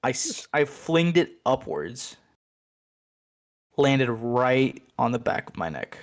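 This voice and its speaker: A young man co-hosting a casual podcast, telling an animated, jokey story full of slang. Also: medium pitch, takes it slowly. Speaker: podcast co-host. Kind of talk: casual chat.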